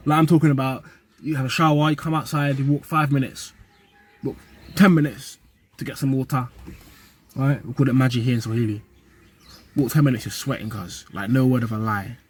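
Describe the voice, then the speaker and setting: A young man talks to his camera in a loose, slang-heavy vlog monologue. His voice is husky and sits at an ordinary middle pitch. He keeps things animated and conversational, throwing in street phrases as he goes. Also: a little fast. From UK and Nigeria. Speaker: vlogger.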